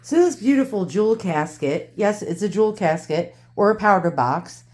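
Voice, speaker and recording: A woman's voice: medium pitch, expressive, moderate pace, darkish tone. Ranting woman with a New York accent. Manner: ranting, swings from angry cursing to cheerful. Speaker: antique channel host. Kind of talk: casual unboxing vlog. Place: home with dogs.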